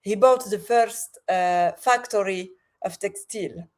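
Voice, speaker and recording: A woman with a French accent, a podcast guest speaking over a video call, with many pauses and restarts. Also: mid-range voice, a little mellow. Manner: hesitant, many fillers and restarts. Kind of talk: remote interview.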